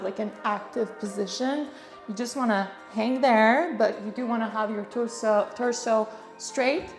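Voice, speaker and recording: A young woman talking casually to the camera about her workout in a home garage gym, chatty, with fillers and small laughs. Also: a little high. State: out of breath at times. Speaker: fitness vlogger.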